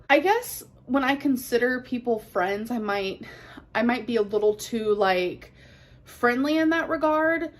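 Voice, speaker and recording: A woman vlogger chatting casually to the camera, answering things said about her in a candid, defensive way. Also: on the high side. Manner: candid, defensive, emotional at times.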